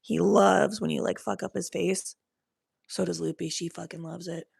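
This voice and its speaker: Gravelly woman chatting on stream. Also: on the low side, fairly even intonation, normal speed, a little mellow. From Cincinnati, US Midwest. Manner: loose, chatty, swears freely. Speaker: livestreamer. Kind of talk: casual livestream chat.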